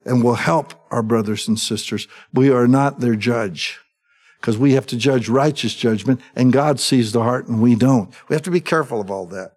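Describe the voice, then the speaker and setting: A middle-aged man preaching in an easy, conversational way. His voice sits at an ordinary pitch, and he keeps turning to his listeners for agreement as he teaches. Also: normal speed, a little mellow, husky. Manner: conversational, asks the congregation for agreement. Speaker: pastor. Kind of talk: sermon.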